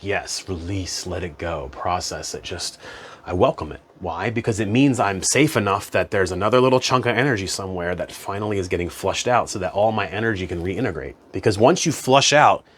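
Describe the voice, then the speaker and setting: A man's voice: low-pitched, a bit bright. A man talking as a spiritual self-help coach in a casual, conversational monologue, often saying "you know" and "man".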